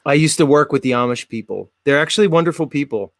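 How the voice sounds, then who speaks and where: A man's voice: fairly high pitch, lively intonation, fast talker, no room sound, clean studio sound. An American man from South Jersey hosting a casual chat show, rambling and full of fillers. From South Jersey, USA. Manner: rambling, filler-heavy, chatty. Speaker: podcast host.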